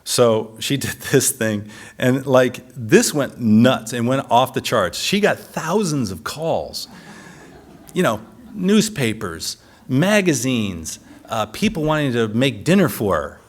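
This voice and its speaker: A man giving a design lecture, telling stories in an animated way and often laughing. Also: mid-range voice, takes it slowly, slight background noise. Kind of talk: lecture with anecdotes.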